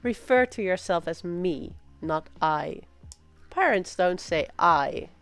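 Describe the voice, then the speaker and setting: Slow, low-voiced woman streamer reading. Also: animated, no echo, soft background music. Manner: slow, drawn-out reading with loud playful pirate exclamations. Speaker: livestream host. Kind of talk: reading aloud on a casual stream.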